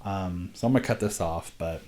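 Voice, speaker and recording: A man's voice: sits low, a little fast, warm tone. A man talking to camera in a casual, rambling vlog, earnest and sweary, often breaking into laughter. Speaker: vlogger, independent filmmaker.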